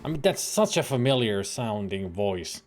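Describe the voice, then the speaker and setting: A man's voice: fairly low pitch, very animated, normal speed, over music. A man casually commenting on a detective game during a live stream, rambling with lots of fillers. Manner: rambling, filler-heavy, hums tunes.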